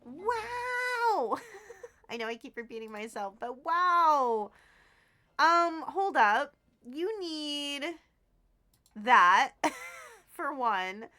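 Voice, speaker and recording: A woman live-streaming a game, chatting casually with viewers and gushing with excitement over what she finds. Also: sits high, extremely slow, long pauses. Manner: excitable, gushing and squealing with delight; chatty, addresses viewers as sweethearts.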